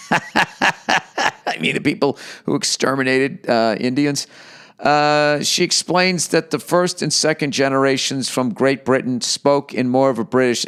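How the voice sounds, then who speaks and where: A man's voice: mid-range voice, clean tone. A middle-aged man hosting a podcast, ranting with profanity and sarcasm as he reads and answers listener mail. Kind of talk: casual podcast monologue.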